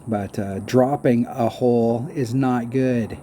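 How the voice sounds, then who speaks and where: A man's voice: mid-range voice, takes it slowly, warm tone. A man giving rambling, self-mocking casual commentary on a mobile golf game while humming little tunes, recorded with audible background noise.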